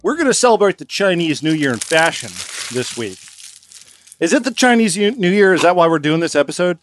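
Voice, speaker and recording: A man's voice: fairly high pitch, very animated, brisk, soft background music. A man hosting a comedy podcast, joking and leading the casual banter. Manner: joking, leads the conversation. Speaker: podcast host.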